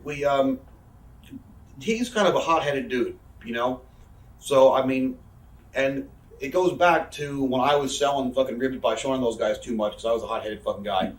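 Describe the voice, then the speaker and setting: A man's voice: mid-range voice, distant mic. A man, a wrestler telling candid, profane stories in an interview. He rambles, swears constantly and fills his talk with fillers. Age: 30s. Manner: profane, rambling, quick talker with frequent fillers. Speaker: interview guest, pro wrestler. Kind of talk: candid casual storytelling. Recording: roomy echo, voice a bit off-mic.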